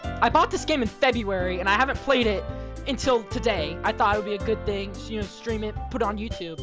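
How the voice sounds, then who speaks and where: A woman streamer reacting to a game, excitable and exclamatory, who often says "bro". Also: fairly high pitch, fairly quick. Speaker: let's play streamer. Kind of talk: reactive gameplay commentary. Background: game music.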